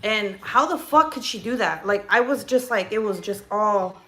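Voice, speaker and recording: Bright-voiced woman telling a story. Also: medium pitch, moderate pace. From California. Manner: emotional, swearing, many fillers and restarts. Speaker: livestream host. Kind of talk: casual storytime chat. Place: home kitchen.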